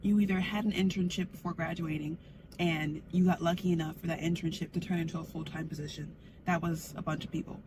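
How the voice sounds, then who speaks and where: A young woman in her twenties, fresh out of college, talks straight to her phone from a parked car. She is candid and excitable, dropping casual swears. A loud A C hum runs under her voice. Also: deep voice, creaky. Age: 20s. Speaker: vlogger. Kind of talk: casual vlog chat. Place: parked car with the air conditioning running.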